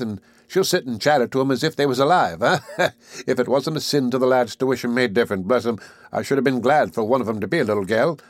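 A man's voice: mid-range voice, no room sound, natural voice. A man reading an audiobook, voicing a kindly, talkative middle-aged village housewife in a homely, earnest way. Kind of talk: audiobook character voice.

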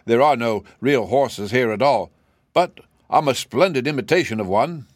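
A man's voice: medium pitch, expressive, normal speed, no echo, clean studio sound, pitched above the performer's own voice, natural voice. A man voicing a living wooden sawhorse, earnest and simple, sometimes hesitant. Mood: meek. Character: wooden male sawhorse, proud yet meek.

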